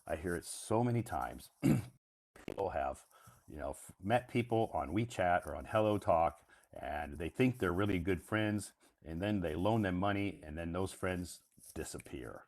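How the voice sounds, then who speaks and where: A man's voice: deep voice, normal speed. A man hosting a live stream, explaining English words in a casual, repetitive, emphatic teacher's way.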